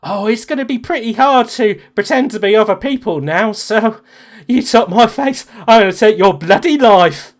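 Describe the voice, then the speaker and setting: A man voicing a menacing male impostor who steals faces, speaking low and threatening. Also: moderate pace, pauses often, close to an everyday voice. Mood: vengeful.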